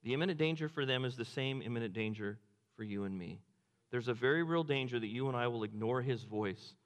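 A man's voice: mid-range voice, fairly quick, in a large hall. A male pastor preaches a sermon, retelling a story and asking the congregation rhetorical questions with repeated phrases.

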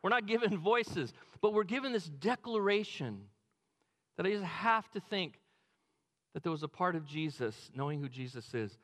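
A man preaching a sermon, animated, acting out quotes with a dropped low voice. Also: normal speed, in a large hall. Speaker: pastor.

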